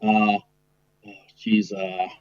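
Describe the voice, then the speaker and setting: A man's voice: lowish voice, little pitch movement, extremely slow, no room sound. Guessing man on a dull call line. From New York. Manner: puzzled guessing, swearing, hesitant fillers. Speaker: podcast guest. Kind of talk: casual podcast chat. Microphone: remote call.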